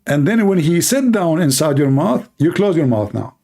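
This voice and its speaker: A man's voice: on the high side, sing-song, moderate pace, vocal fry, mellow. A man hosting a livestream, talking in a mocking, sarcastic monologue in broken English. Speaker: livestream host. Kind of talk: satirical monologue. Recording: livestream talk to viewers.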